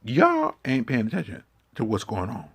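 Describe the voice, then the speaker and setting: A man's voice: medium pitch, huge pitch swings, moderate pace, vocal fry, a bit bright, breathy edge. A man giving an impassioned, confrontational monologue, swearing heavily and lecturing his listeners. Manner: preachy, confrontational, heavy swearing.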